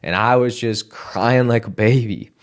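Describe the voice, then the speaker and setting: A man's voice: medium pitch, measured pace, clean tone. A man earnestly telling his personal testimony in a casual, emotional way, with frequent restarts and fillers. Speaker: speaker sharing a personal testimony.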